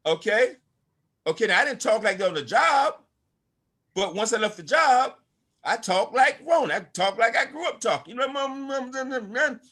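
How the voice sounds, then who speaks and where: A man's voice: high-pitched, very animated, moderate pace, sharp tone, husky. An older man giving an emphatic, preachy motivational talk to an online audience as a network marketing speaker. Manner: preachy, emphatic, calls out to listeners.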